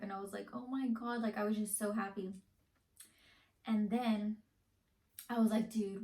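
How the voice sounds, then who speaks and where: A woman's voice: mid-range voice, warm tone. Young woman, casual storytime vlogger, rambling and full of fillers, recorded in a reverberant room. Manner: rambling, heavy use of "like". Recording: echoey room.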